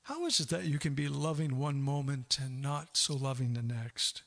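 A middle-aged man preaching a sermon in an animated way, laughing often and acting out quoted voices. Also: mid-range voice, moderate pace, creaky. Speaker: pastor.

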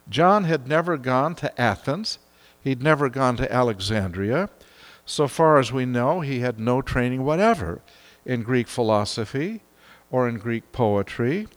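A man's voice: mid-range voice, a bit bright. Older guy preaching in a church, folksy and chuckly, lots of um and uh, big hall echo. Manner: folksy, chuckling, many fillers. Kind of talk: sermon.

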